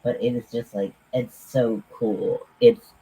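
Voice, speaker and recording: A man hosting a casual livestream, chatting in a halting, friendly way with many pauses and fillers while talking to viewers at home. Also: mid-range voice, steady tone, mellow, breathy edge, rough recording. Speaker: livestream host.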